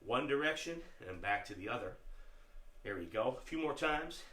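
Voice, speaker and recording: A man teaching an online martial arts class, giving upbeat step-by-step commands for stances and warm-ups. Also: mid-range voice, expressive, normal speed, echoey room. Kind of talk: online fitness class instruction.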